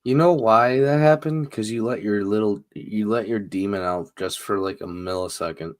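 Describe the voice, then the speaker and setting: A man's voice: fairly low pitch, normal speed, dry recording. A man co-hosting a podcast who teases his partner with dry banter. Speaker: podcast co-host. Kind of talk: casual chat.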